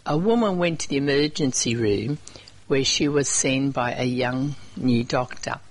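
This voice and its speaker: Husky-voiced radio presenter. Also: mid-range voice, low-quality recording. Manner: chatty, unhurried, reads items aloud with small hesitations.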